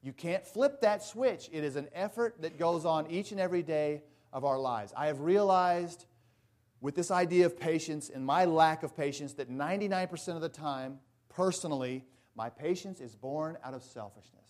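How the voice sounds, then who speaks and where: Male pastor, sermon, emphatic with folksy touches, fairly high voice. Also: moderate pace, darkish tone. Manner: earnest, emphatic, folksy asides.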